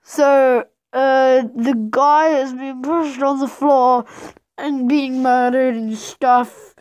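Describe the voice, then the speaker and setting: A woman's voice: sits high, steady tone, slow, a little mellow, clean tone, no echo. A woman telling a rambling, playful made-up story while drawing, with sudden dramatic outbursts.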